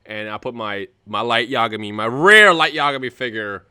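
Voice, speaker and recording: A man's voice: mid-range voice, normal speed, sharp tone. A male guest in a casual chat over a video call, playful and laughing often.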